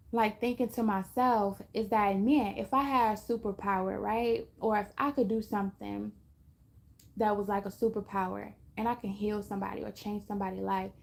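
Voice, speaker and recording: A woman's voice: medium pitch, creaky, darkish tone. A woman giving a casual spiritual talk to her viewers, chatty, often laughing and acting out little voices. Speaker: astrology reader.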